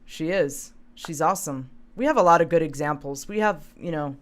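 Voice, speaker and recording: A woman's voice: low-pitched, normal speed, a crowd in the background. A woman co-hosting a live podcast, chatty and addressing the chat audience directly. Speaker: podcast co-host.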